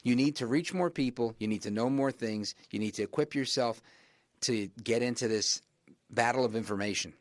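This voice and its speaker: A man hosting a talk radio show, delivering an emphatic monologue that keeps rising in pitch to stress his points. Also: normal speed, no room sound.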